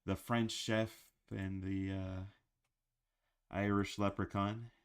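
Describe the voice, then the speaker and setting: A man's voice: fairly low pitch, level tone, slow pace, clean tone. A man talking casually about cartoons in a rambling, chatty way with frequent fillers. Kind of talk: casual chat.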